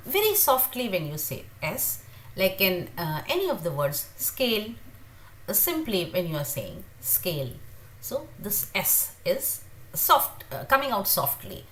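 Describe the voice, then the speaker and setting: A woman teaching a beginner pronunciation lesson, repeating each sound slowly many times with frequent hesitations. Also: medium pitch, sing-song, a bit bright, slight background noise. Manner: halting, with frequent uh fillers. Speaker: language teacher.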